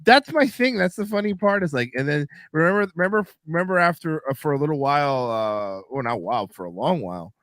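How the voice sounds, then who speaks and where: A man hosting a podcast in casual chat, animated and mocking, swearing often. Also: on the high side, fast, hardly any pauses, no room sound, studio quality. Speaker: podcast host.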